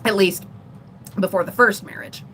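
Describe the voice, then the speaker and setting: A middle-aged woman vlogger telling a personal story in a rambling, animated way on a casual livestream. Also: mid-range voice, normal speed, slight background noise. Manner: rambling, animated retelling with laughs.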